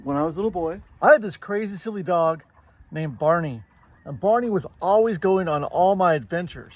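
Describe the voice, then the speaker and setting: A man telling a child an improvised bedtime story in a playful, animated way. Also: fairly high pitch, dry recording. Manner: playful and animated, with spooky hushed moments.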